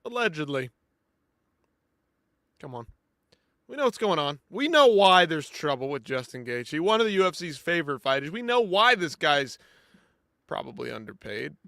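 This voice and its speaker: A man hosting a live post-fight show in casual commentary, animated and chatty, swinging between loud outbursts and quiet asides as he talks to viewers. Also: on the high side, moderate pace, vocal fry, no echo, clean studio sound.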